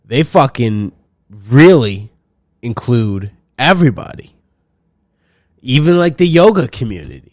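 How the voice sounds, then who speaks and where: A man's voice: medium pitch, very animated, measured pace, pauses often, dry recording, clean studio sound. Profane, rambling young man. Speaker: podcast host. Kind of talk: solo comedic podcast rant.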